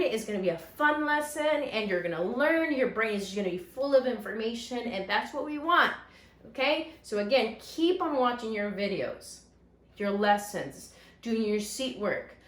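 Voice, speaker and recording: A woman teaching a recorded phonics lesson to first graders, stretching out each word slowly and praising the class. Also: a little high. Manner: slow, drawn-out word modeling with encouraging praise. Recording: echoey room sound.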